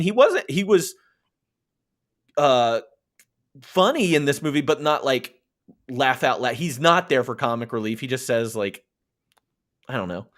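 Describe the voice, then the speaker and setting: Easygoing man hosting a movie chat. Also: medium pitch. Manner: relaxed, laughs often, leads questions. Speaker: podcast host. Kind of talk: casual movie review chat.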